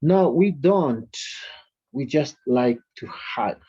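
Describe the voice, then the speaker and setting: A man's voice: medium pitch, expressive, slow pace, husky. Male English teacher with a dull recording. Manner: explains by reading out example sentences, calls on students. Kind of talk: classroom grammar lesson.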